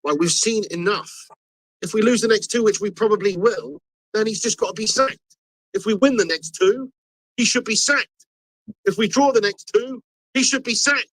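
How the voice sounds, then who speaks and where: A man's voice: high voice, bright, forceful tone, no room sound, low-quality recording. A man ranting and swearing as he streams a football match live. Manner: angry, swearing rant. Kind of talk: live watch-along rant.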